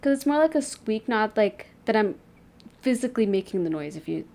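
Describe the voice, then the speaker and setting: A woman's voice: medium pitch, sing-song, brisk, gravelly, warm tone. A young woman streamer chatting casually and playfully with a friend, filling her talk with "like". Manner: chatty, lots of fillers, playful. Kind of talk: casual chat on a livestream.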